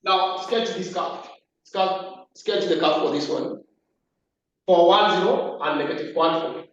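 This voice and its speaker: A man's voice: high-pitched, unhurried. A man teaching a maths class at the board, repeating key terms and asking the class questions. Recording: echoey room, distant lo-fi mic.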